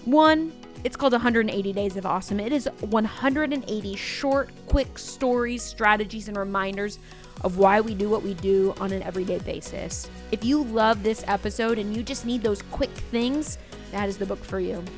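A woman teacher hosting a podcast, telling classroom stories in a casual, animated way and acting out her students' voices. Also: mid-range voice, normal speed, faint music behind. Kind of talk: casual storytelling monologue.

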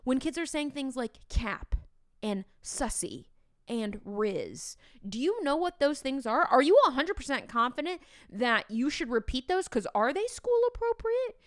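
A woman in her thirties hosts a teaching podcast in a chatty, animated manner, tossing playful asides to the listener. Her voice sits a little high. The recording is dry and close, with no room sound. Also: measured pace, no room sound. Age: 30s. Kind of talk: casual podcast talk.

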